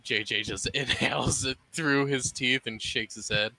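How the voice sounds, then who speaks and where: A man narrating his character's actions in a tabletop role-play, in a halting way that stumbles over words. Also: medium pitch, fairly even intonation, gravelly, sharp tone, soft background music, poor audio. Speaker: player.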